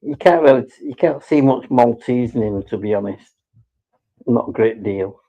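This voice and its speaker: A man's voice: medium pitch, normal speed, dark tone, muffled recording. A man chatting casually on a live stream, rambling and swearing as he teases his pet.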